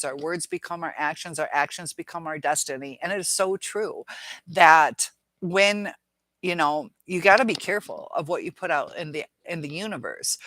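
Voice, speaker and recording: A woman's voice: low voice, a bit bright, dry recording, poor audio. A middle-aged woman hosting a casual livestream, rambling through viewer comments with many fillers and laughs. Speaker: livestream host.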